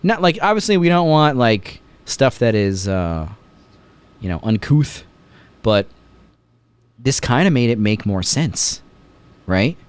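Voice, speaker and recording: A man's voice: medium pitch, big pitch swings, slow pace, pauses often, clean tone. A man hosting a podcast, chatting casually and jokingly retelling scenes with many fillers. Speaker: podcast host. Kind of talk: casual chat.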